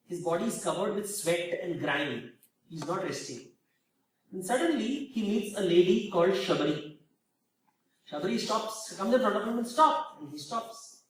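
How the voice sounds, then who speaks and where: High-voiced Indian English lecturer, booming hall. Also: male voice, measured pace, pauses often. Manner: animated, rhetorical questions. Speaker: speaker. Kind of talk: storytelling lecture. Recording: very echoey hall, far from mic.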